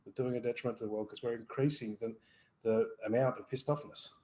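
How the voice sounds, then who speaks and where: A man's voice: mid-range voice, steady tone, fast, low-quality recording. A man co-hosting a live question-and-answer stream, talking bluntly and swearing freely about feelings and energy healing. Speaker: energy healer co-host. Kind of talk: live Q&A chat.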